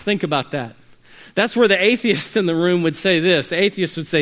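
A male preacher delivering a lively sermon, his high voice carrying a bright ring. He tells stories with big swings in volume, dropping low and then climbing to full shouts. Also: normal speed. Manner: dynamic storytelling, rising to shouts at climaxes.

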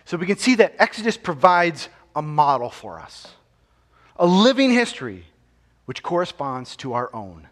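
Fiery preacher, hushed to booming. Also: male voice, very animated, normal speed. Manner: swings from hushed near-whispers to loud, emphatic proclamation; repeats phrases and asks the congregation rhetorical questions. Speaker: pastor. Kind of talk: sermon.

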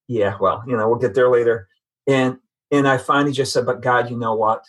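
A middle-aged man giving an earnest, personal faith testimony in a conversational way, often halting and restarting his words. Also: medium pitch, level tone, fairly bright tone. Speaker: guest sharing testimony.

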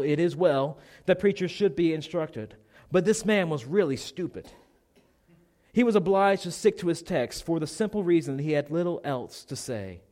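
A man's voice: a little high, darkish tone. A man preaching a sermon, earnestly telling a conversion story and reading a memoir aloud.

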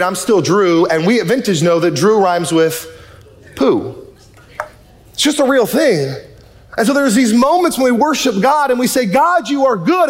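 A man preaching a sermon in a church, animated and joking, his voice swinging from loud to soft and intimate. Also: high voice. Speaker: pastor. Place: church sanctuary.

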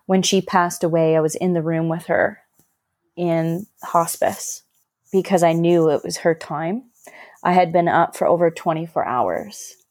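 A woman's voice: fairly low pitch, steady tone, measured pace, a little mellow, no echo, studio quality. A woman on a podcast, earnestly telling a personal story in a reflective, emotional way. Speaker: podcast guest.

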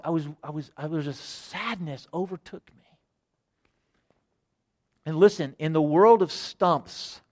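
A middle-aged man preaching a sermon, earnest, repeating phrases and moving between loud emphasis and hushed quiet. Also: fairly high pitch. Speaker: pastor.

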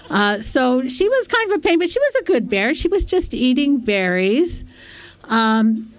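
A woman telling a casual, self-deprecating anecdote on stage at a storytelling festival, chatty and full of fillers. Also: on the high side.

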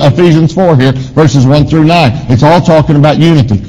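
A man pastor preaching a sermon with emphatic swings in pitch and volume, asking the congregation questions. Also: fairly quick, few pauses, warm tone. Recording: long hall reverb.

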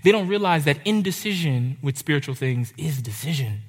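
A young man preaching a sermon, urgent and impassioned, with dramatic pauses. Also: a little high, animated. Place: church hall. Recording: reverberant hall.

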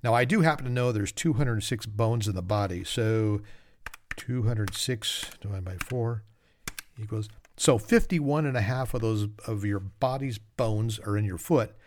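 A man's voice: lowish voice, a little slow, a little mellow, slight background noise. A man hosting a solo trivia podcast, reading facts with joking, self-mocking asides. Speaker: podcast host.

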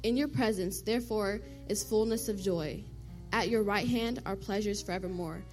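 A woman reading a scripture passage in a church in a measured, formal way, then offering a short blessing. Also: medium pitch, darkish tone, faint music behind.

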